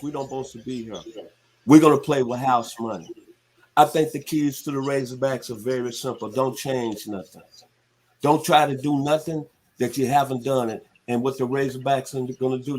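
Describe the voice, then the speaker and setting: A man's voice: mid-range voice, steady tone, moderate pace, darkish tone, a little hiss or hum. A man in his sixties from the Southern United States, hosting sports talk radio in a laid-back, folksy way. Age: 60s.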